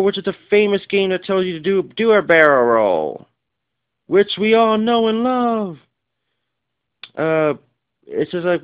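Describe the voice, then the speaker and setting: A man talks through his game collection in a loose, rambling way, full of fillers and little apologies. His voice is smooth and of middling pitch. The home camera audio sounds dull and lo-fi. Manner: rambling, apologetic, many fillers and self-corrections. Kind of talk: casual video-game collection vlog.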